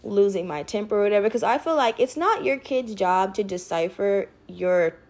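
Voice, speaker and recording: A woman and mother telling a story in casual chat, animated and expressive, swearing casually. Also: mid-range voice, moderate pace. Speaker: podcast co-host, mother.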